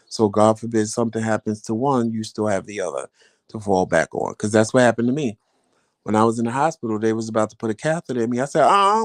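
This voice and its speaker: A man's voice: medium pitch, darkish tone, no room sound. A man chatting casually to his viewers, telling a story and acting out the voices of the people he quotes. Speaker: vlogger.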